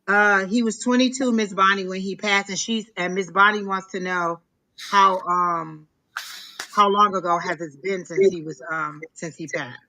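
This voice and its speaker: Woman tarot reader on a live stream, bright voice, keeps stopping and repeating herself. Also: medium pitch, steady tone. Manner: emotional, halting, repeats herself. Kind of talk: live psychic reading.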